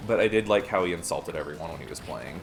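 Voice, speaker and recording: A man's voice: sits low, fast, gravelly, faint music behind. Rambling young man streaming a game. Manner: rambling anecdotes, frequent laughter. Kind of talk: casual chat while streaming a game.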